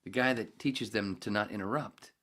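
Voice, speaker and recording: A podcast host telling a rambling, swear-filled story about reading to a class, breaking into squeaky voices for the kids' reactions. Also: male voice, moderate pace, fairly bright tone. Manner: gravelly, swears often, jumps into squeaky voices when quoting. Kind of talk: casual profane storytelling.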